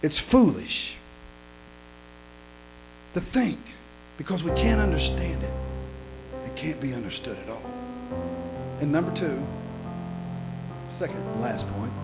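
A middle-aged man preaching a sermon as a pastor, dropping to quiet storytelling and rising to shouted, half-sung lines. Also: on the high side, animated, slow pace, creaky, long pauses, music in the background, rough recording.

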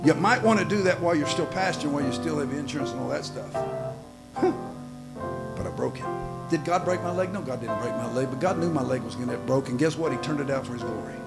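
A middle-aged preacher with a high voice delivers a sermon, swinging between hushed storytelling and shouted, half-sung climaxes. Instrumental music plays clearly behind him throughout. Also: male voice, quick pace, poor audio. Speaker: pastor.

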